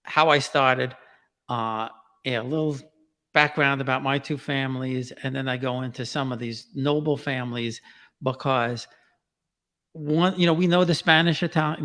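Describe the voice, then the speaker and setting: A man's voice: medium pitch, fairly bright tone, big-room sound. A man with a New York accent, a guest chatting casually in an interview. He talks in a loose, repeating way and laughs often. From Queens, New York. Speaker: guest, genealogy author and podcaster.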